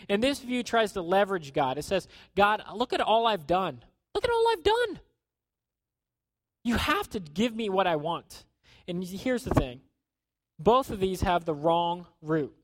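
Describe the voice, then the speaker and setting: A man preaching a sermon in a conversational way, acting out quotes and dropping to a hushed tone at times. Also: high-pitched, no room sound. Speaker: pastor.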